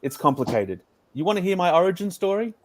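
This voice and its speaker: A man's voice: high-pitched, sing-song, quick pace, pitched above the performer's own voice. A man voicing a cheeky, joking male pillow lion in a storybook reading. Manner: playful, joking.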